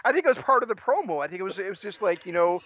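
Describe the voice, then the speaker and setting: Quick teasing guy on a podcast, fairly high voice, talks fast. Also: sing-song, a bit bright, dry recording. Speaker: podcast co-host. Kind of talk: casual chat. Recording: dull lo-fi audio.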